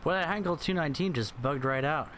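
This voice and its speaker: A man's voice: a little high, fast, fairly bright tone, a little hiss or hum. A man giving silly, rambling commentary while playing an air combat game, often slipping into mock voices. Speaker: gameplay commentator. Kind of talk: goofy gameplay commentary.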